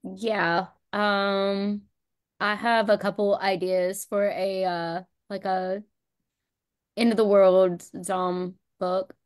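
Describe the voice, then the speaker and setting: A woman co-hosting a podcast, speaking hesitantly with pauses and fillers. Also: mid-range voice, level tone, clear, resonant tone. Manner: hesitant, tentative. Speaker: podcast co-host. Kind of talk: casual podcast chat.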